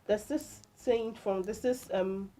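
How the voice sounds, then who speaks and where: A woman's voice: medium pitch, slow, warm tone, low-quality recording. A woman with a Nigerian accent co-hosting a morning radio show, chatting casually and reading out tweets with her own opinions. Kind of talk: casual breakfast show chat.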